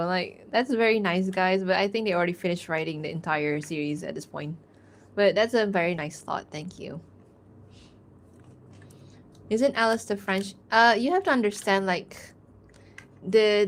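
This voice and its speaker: A young woman chatting casually on a drawing stream, rambling with lots of fillers and frequent laughs. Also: on the low side. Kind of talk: casual livestream chat while drawing.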